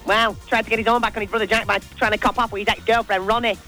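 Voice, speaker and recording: A man giving a chatty, gossipy roundup of soap news on breakfast radio, in an animated and teasing way. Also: high-pitched, very fast, faint music behind. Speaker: soap and entertainment news contributor.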